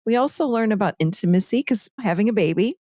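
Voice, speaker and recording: A woman talks through ideas in a conversational teaching style, lively and animated as she tells stories. Her voice sits mid-range and the sound is dry and close. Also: medium pitch, quick pace, dry recording. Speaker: podcast guest, author.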